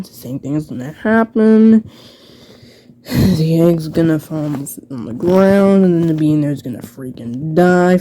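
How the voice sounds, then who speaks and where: A woman giving a casual, jokey commentary, reading from her own old book with sarcastic asides and quick rambling restarts. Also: sits low, dark tone, no echo.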